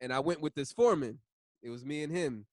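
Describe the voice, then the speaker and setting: Talkative man leading a casual bible study, slangy and fairly high-voiced, dry close sound. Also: fast, darkish tone, dry recording. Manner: chatty, laughs often, uses slang.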